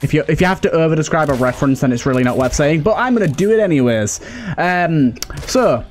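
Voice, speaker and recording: A man's voice: a little high, expressive, quick pace, soft background music. A young British man narrating a game while rambling through a funny story, chuckling often, with many fillers and some swearing. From United Kingdom. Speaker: let's play host. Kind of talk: casual gameplay commentary and storytelling.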